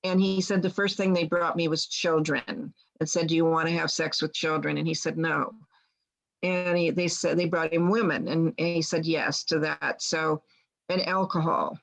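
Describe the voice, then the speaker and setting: Over poor audio comes a low-pitched, creaky female voice with fairly even intonation at a normal pace. She's a guest healer rambling through a long personal story casually, with many restarts and plain quotes of others.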